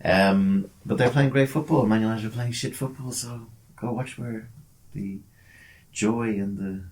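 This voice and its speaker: A man chats on his podcast in a fairly low voice. He jokes constantly, teasing his co-host and calling listeners lads and mate. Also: unhurried, a little mellow. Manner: jokey, banter-heavy, says mate and lads. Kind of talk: casual chat.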